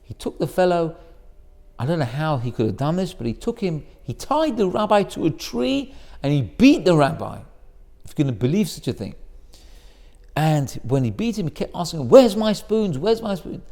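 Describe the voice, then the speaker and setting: A man's voice: moderate pace, gravelly. A middle-aged man, a rabbi, telling a story in a sermon and acting out the voices of the people in it. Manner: animated storyteller, acts out quoted voices in a higher pitch. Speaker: rabbi giving a Torah talk.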